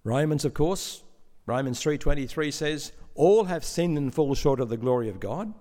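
Male preacher, fairly high voice, steady explaining sermon, some stammered restarts, big echoey church hall. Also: normal speed. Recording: long hall reverb.

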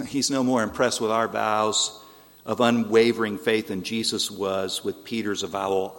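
A man's voice: on the low side, little pitch movement, normal speed, fairly bright tone, in a large hall. A man preaching a sermon in an earnest, pleading way, asking the listeners rhetorical questions. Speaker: pastor.

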